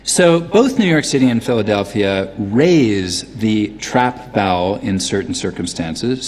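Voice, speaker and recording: Male accent expert, scripted explainer, measured delivery, drawn-out demonstration vowels. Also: lowish voice, animated, a little mellow, a little hiss or hum.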